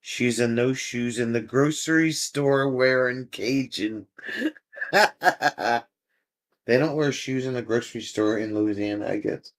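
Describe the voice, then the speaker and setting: A man with a medium-pitched voice speaks slowly while hosting a casual livestream. He keeps things easygoing with his viewers, reading comments aloud and chuckling frequently.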